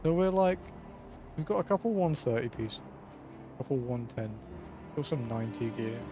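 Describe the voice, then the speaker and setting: A relaxed male streamer chats over his gameplay in a mid-pitched, easygoing voice. He swears casually and breaks into chuckles often. Soft game music sits faintly in the background. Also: moderate pace. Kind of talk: casual gaming commentary.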